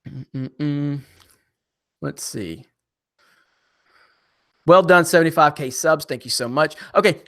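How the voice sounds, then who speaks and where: A young man hosts a casual live stream, reading out viewer comments and joking back at them. His voice sits a touch high and sounds bright and forward. His delivery is animated, full of quick asides to chat.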